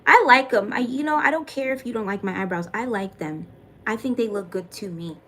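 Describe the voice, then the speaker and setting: Young woman streamer, slightly high voice, loose and chatty, curses casually. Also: a little fast, fairly bright tone. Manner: chatty, swears casually, thanks viewers by name. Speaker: livestreamer. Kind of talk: casual livestream chat reading comments.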